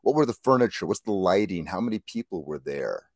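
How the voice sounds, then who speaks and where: A man's voice: low voice, lively intonation, a little fast, no room sound. A man calling in to a talk show, asking curious, detailed questions. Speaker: caller. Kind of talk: casual interview questions.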